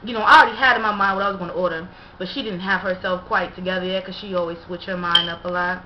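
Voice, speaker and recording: A woman's voice: fairly low pitch, fairly even intonation, fast. A young woman casually telling a story to her viewers, chatty and full of fillers. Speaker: vlogger. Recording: dull echoey room recording with faint hiss.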